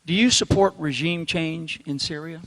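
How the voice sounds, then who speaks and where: A man moderating a live event who asks questions in a halting way and restarts his words. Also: fairly high pitch, creaky, fairly bright tone. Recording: echoey hall with faint crowd and noise.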